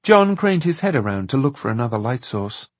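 A man narrating an audiobook with lively, expressive storytelling. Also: medium pitch, fairly quick, dry recording. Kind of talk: scripted narration.

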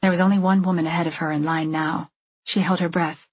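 A woman reads a novel aloud in a low, husky voice, steady and measured. The sound is dry and close, with slightly dull audio. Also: no room sound. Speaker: audiobook narrator. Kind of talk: scripted narration.

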